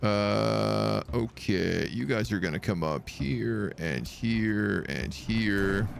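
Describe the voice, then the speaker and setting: A man's voice: fairly low pitch, takes it slowly, creaky, a little hiss or hum. A man casually commenting on a strategy game he is streaming live, talking to his units and making playful sound effects.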